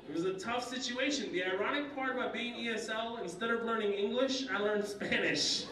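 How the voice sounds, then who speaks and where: High-voiced male comedian in an echoey hall. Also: a little fast, hardly any pauses. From Kuwait. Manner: animated, jumps into high-pitched character voices. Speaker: stand-up comedian. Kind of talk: stand-up comedy set. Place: conference center banquet hall. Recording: roomy hall, distant mic, faint noise.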